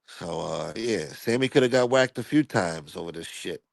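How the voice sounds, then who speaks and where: A man's voice: low voice, animated, normal speed, gravelly, no room sound. A man hosting a channel, telling stories in a laid-back, rambling, crude way. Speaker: channel host. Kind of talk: casual storytelling commentary.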